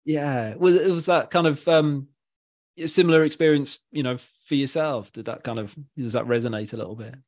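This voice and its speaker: A man's voice: mid-range voice, normal speed. A man in his thirties hosting a podcast, talking in an informal, encouraging way and reflecting back on his guest's story. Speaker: podcast host. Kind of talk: casual interview chat.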